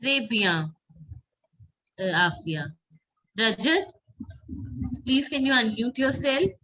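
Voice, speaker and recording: A woman teaching an online French class, patiently repeating words slowly so students can drill them. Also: a little high, sing-song, bright, forceful tone, poor audio.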